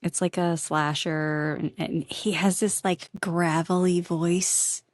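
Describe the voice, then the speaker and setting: A woman's voice: lowish voice, fairly even intonation, takes it slowly, no room sound, studio quality. A woman who runs a bookstore, chatting on a podcast as a guest and laughing often. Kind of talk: casual podcast chat.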